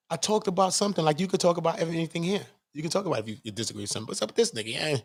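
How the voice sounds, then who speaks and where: A man's voice: a little high, lively intonation, rapid-fire, hardly any pauses, dry recording, clean studio sound. A man hosting his own channel, ranting in a confrontational, profane way and firing off rhetorical questions. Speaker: channel host. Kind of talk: heated livestream rant.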